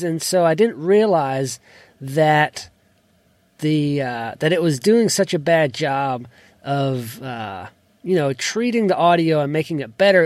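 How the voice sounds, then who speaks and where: A man hosting a podcast, casually walking through his recording apps in a tutorial and trailing off at the ends of sentences. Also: no room sound. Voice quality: not a deep voice. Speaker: podcast host. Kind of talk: casual screen-share tutorial. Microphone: desk microphone.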